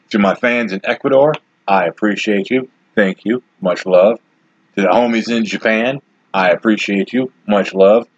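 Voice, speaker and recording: Low, husky blunt-talking man in his forties. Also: no echo, muffled recording. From Detroit, USA. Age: 40s. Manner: rambling, blunt and opinionated, with frequent asides. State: has the hiccups. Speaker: podcast host. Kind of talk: casual solo commentary.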